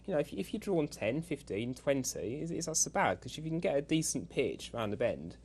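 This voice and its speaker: A man's voice: on the high side, big pitch swings, brisk, darkish tone, a little hiss or hum. A man talking through horse racing tactics in a casual chat, thinking aloud and repeating words as he goes. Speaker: racing pundit.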